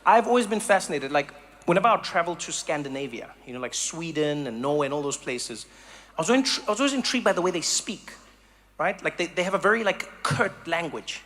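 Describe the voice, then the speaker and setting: A man from Africa, doing a stand-up comedy set with animated storytelling that slips into mock voices. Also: a little high, fairly quick. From South Africa.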